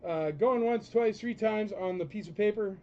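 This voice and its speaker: A man's voice: high voice, moderate pace, lo-fi sound, very noisy. A man hosting a live toy auction stream, blunt and joking, ranting between lots. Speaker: auction host.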